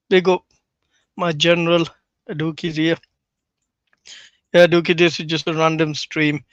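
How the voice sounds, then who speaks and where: A man's voice: a little high, little pitch movement, moderate pace, pauses often, no echo, highs cut off. A man hosting a casual livestream, commenting bluntly and mockingly with frequent swearing. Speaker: livestream host.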